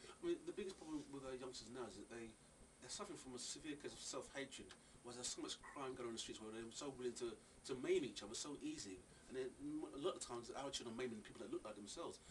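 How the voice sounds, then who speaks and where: Fast-talking man, distant mic. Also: medium pitch. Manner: earnest, animated, with many restarts. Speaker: parent helper at a Saturday school. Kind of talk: interview answers. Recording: distant mic with faint ambient noise.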